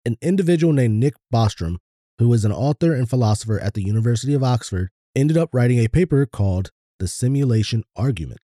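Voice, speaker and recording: Casual male podcast co-host, deep dark timbre, laid-back delivery with loose swearing. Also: expressive, fast talker, no echo, clean studio sound.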